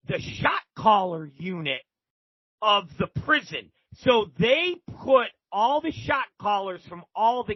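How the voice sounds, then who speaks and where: A man's voice: sits high, dry recording, lo-fi sound. A man guest telling a story casually and animatedly, swearing freely and acting out other people's lines. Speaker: podcast guest.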